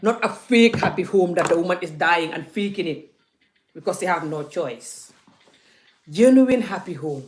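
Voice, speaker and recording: A woman vlogger speaks straight to her viewers in an impassioned, preachy way. She leans hard on her points, and her voice sits fairly low. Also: animated, moderate pace, a little hiss or hum. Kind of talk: casual live vlog talk.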